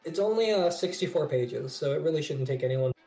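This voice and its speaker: Brief: excitable podcast co-host, man, slightly high voice, echoey room. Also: a little fast, creaky, soft background music. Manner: excitable, swearing, laughs often. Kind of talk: casual chat.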